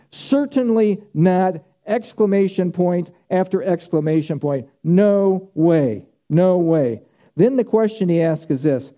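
A man's voice: high voice, warm tone. A man preaching a sermon, stressing key words by drawing them out and repeating phrases for emphasis. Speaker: pastor.

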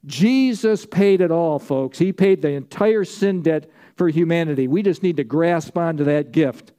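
A man's voice: on the high side, normal speed, mellow. A man preaching a sermon as pastor, emphatic, stacking repeated phrases and prompting the congregation to answer.

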